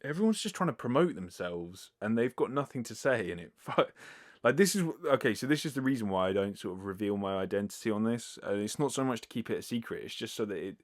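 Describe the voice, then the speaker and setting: A man's voice: fairly low pitch, animated, fast. A man hosting a casual solo podcast, answering listener questions in a rambling, filler-heavy way with casual swearing, speaking close to a sensitive mic. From United Kingdom. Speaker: podcast host. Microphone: close sensitive microphone.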